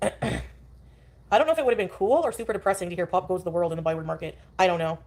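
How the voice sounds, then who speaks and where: A woman's voice: lowish voice, fast, a little mellow. Rambling woman chatting to her stream. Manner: rambling, greets chat often. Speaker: livestreamer. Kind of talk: casual live stream chat.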